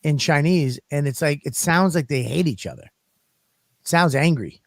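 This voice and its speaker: A man's voice: fairly high pitch, animated, measured pace, gravelly, no room sound, clean studio sound. A man co-hosting a podcast, telling crude stories in a rambling, profane way. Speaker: podcast co-host. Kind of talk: casual comedic chat.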